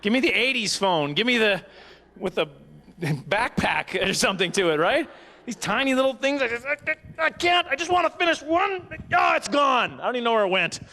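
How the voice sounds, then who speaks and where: On a banquet hall stage, a man delivers a rambling, self-mocking stand-up set, breaking into silly voices. His voice is extremely high-pitched and sharp, very animated, and moves at a normal speed.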